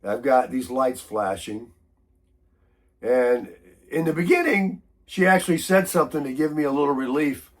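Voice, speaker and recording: An American man, sick and congested with a hoarse voice, telling a rambling, grumbling story in a casual morning chat. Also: medium pitch, moderate pace. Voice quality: husky. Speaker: vlogger.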